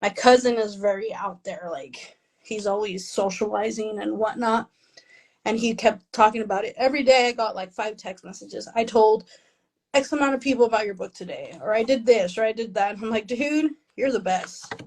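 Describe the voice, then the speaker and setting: A woman's voice: medium pitch, moderate pace, darkish tone, low-quality recording. A woman author being interviewed, talking casually and with self-deprecating humor, laughing often and slipping Spanish phrases into her English. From Mexican family, raised in the US.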